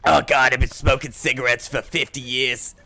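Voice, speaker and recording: A man voicing a raspy old chain smoker in his sixties, calling game action. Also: mid-range voice, flat delivery, normal speed, bright, forceful tone. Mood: wheezy. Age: 60s. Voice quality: raspy, gravelly.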